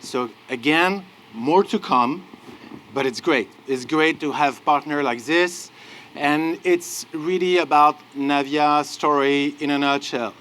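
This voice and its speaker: A man from France with a French accent, a company executive giving an earnest, halting press conference speech with repeated thanks at an outdoor launch. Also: fairly high pitch, fairly bright tone.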